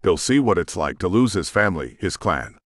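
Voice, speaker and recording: A bitter, vengeful rogue shifter sneers his threats in a deep, low voice, as a man acts him out. His taunting lines rise and fall widely. The sound is dry and close, with no room around it. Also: very animated, fairly quick, dry recording.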